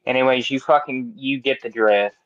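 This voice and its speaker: A man's voice: medium pitch, normal speed, no echo, lo-fi sound. A man hosting a wrestling podcast in a studio, talking bluntly and mockingly with plenty of swearing. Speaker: podcast host. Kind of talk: casual chat.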